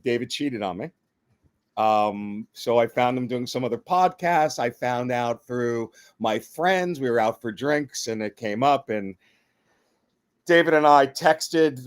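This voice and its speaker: A man co-hosting a podcast who jokes in a playful, mock-dramatic way during casual chat. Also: medium pitch. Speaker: podcast co-host.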